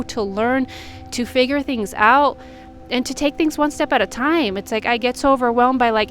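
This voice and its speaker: High-voiced woman, earnest and confessional. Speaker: intuitive healer and reader. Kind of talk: candid personal vlog talk. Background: faint music from a neighbor.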